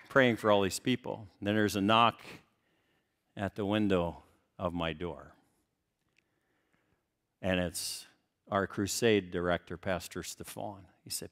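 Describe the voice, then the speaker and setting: A man's voice: low-pitched, fairly even intonation, slow pace, pauses often, fairly bright tone, in a large hall. A middle-aged male pastor preaching a sermon, telling a story vividly with stacked rhetorical questions and words repeated as he builds intensity.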